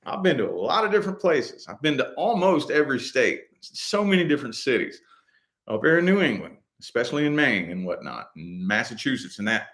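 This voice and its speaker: A man talks loosely and at length to his viewers, circling back to repeat himself. He fills his talk with "you know" and the odd curse. His voice sits at an ordinary middle pitch. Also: big pitch swings, fairly quick, fairly bright tone. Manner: rambling, loose and profane, with many "you know" fillers. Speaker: host answering viewer comments. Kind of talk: casual livestream chat.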